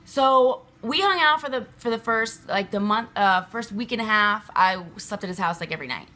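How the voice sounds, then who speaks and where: A vlogger with a mid-range, bright, expressive voice vents to the camera at a moderate pace in a forceful tone. She's agitated and emphatic, rambling along, swearing often and using plenty of fillers.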